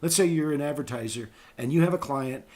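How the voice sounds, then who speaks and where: A man's voice: a little high, brisk, darkish tone. A man chatting as a voice actor guest on an interview show, telling rambling stories about his work. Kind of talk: casual interview chat.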